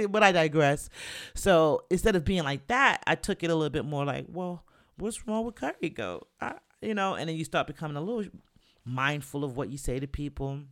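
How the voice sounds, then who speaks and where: A man from New talks casually with the of his home city, his voice sitting a little higher than most men's. He tells his stories in a candid, animated way, swears freely and often breaks into laughter. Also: fairly quick. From New York. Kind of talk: casual storytelling monologue.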